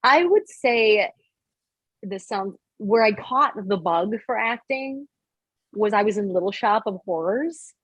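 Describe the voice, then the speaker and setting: Woman host, husky, lively storyteller, dry close sound with faint music behind. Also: medium pitch, slow pace, no echo, highs cut off. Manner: animated storyteller, laughs often. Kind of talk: casual conversation.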